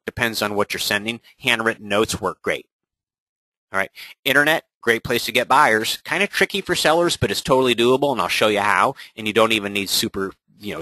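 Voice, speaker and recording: A man coaching real estate agents in a webinar, energetic and often checking in with "right?". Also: on the low side, no echo, low-quality recording. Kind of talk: webinar presentation.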